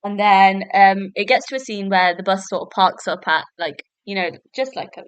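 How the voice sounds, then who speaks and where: A woman's voice: medium pitch, moderate pace, clean tone, no room sound, lo-fi sound. A young woman, chatting casually as a podcast host and laughing often as she talks. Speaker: podcast host reviewing a TV episode. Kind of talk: casual review chat.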